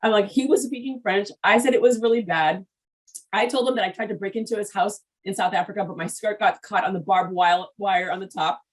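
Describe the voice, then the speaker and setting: A woman hosting an interview show, chatty and frank, quick to laugh. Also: mid-range voice, rough recording. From Haitian background. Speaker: podcast host. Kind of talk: casual interview chat.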